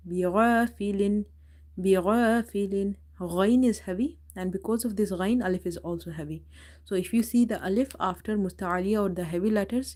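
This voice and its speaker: Mellow-voiced woman teaching tajweed. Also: mid-range voice. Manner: recites verses slowly and repeats them, then explains each rule calmly. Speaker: Quran recitation teacher. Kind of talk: live tajweed lesson.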